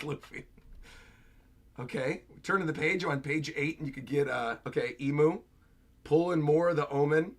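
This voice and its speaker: A young man hosting a manga reaction livestream, giving animated commentary with lots of laughing. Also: fairly high pitch. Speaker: channel host.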